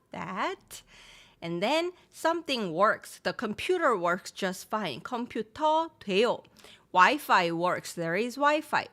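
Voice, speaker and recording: A woman teaching a live-streamed language lesson, explaining in English and quickly modeling Korean phrases while reading viewer comments and laughing easily. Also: medium pitch, fairly bright tone.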